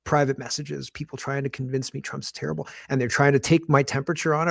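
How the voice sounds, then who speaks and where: A man co-hosting a casual political chat over a call, animated, quick to interrupt and laughing often. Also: medium pitch, creaky, no echo, clean studio sound. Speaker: podcast co-host.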